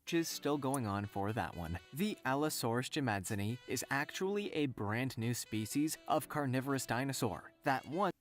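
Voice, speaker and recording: A man's voice: mid-range voice, animated, moderate pace, few pauses. A man reading scripted countdown narration for a list video. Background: faint background music.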